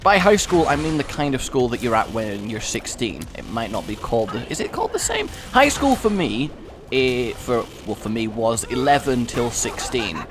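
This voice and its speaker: Chatty young Englishman with a lively voice. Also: medium pitch, moderate pace, noisy background. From England. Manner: chatty, sarcastic, rambling asides with bursts of excited yelps. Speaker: gaming YouTuber. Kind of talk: let's play commentary.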